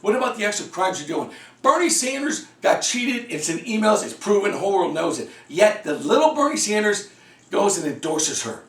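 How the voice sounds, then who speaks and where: A man delivers a fired-up monologue in a high, wildly swinging voice. He sits back from the mic in an echoey room, and the sound bounces around him. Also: sing-song, fairly bright tone, distant mic. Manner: heated, fast ranting, swings pitch wildly. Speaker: political commentator. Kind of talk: ranting political monologue.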